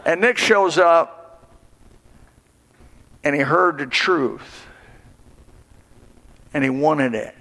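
A man's voice: on the high side, very slow, long pauses, fairly bright tone, in a large hall. A man preaching a sermon in a church, with impassioned, rising and falling emphasis. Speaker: pastor. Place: church sanctuary.

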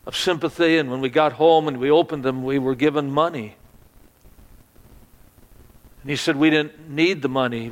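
A man stands preaching, telling his story in a plain, mid-pitched voice. He stammers through restarts and drops almost to a whisper at the sorrowful turns. His words hang in a hall's long reverb. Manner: stammering restarts, dropping to a hush at sad moments. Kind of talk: sermon storytelling.

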